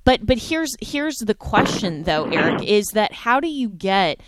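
A woman's voice: medium pitch, sing-song, a little slow, background noise. A woman hosting a talk show, speaking in an emphatic, indignant way. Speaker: host.

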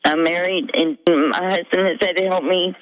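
A middle-aged woman calling in to a radio show, telling her story in a halting, rambling way full of fillers. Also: on the low side, steady tone. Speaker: caller. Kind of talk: emotional call-in confession. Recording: dull lo-fi radio call.

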